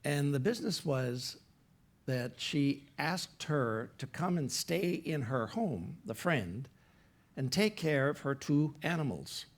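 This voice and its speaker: A man's voice: on the high side, animated, takes it slowly. A man, a pastor, telling a story during a sermon in a conversational way. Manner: conversational, retells a story with quoted dialogue. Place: church platform.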